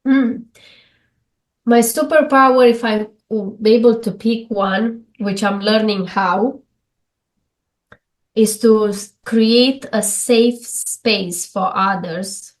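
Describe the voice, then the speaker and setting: A woman from Romania, a guest in an interview, talking reflectively in English with earnest, halting sentences and frequent restarts. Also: mid-range voice, fairly even intonation. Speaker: guest speaker.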